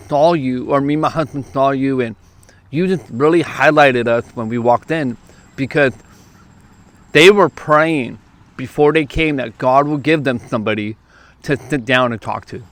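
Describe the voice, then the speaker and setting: A man from California, a youth preacher, telling a story to camera outdoors at a park, lively and quick, acting out what others said. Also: mid-range voice. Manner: lively, quick bursts, acts out quoted lines.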